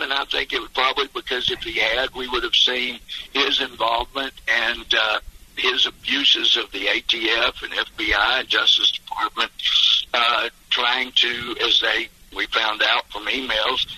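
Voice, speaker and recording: A man's voice: mid-range voice, pushed and bright, husky, poor audio. A man phoning in as a congressman guest on a radio interview, telling emphatic stories with chuckles.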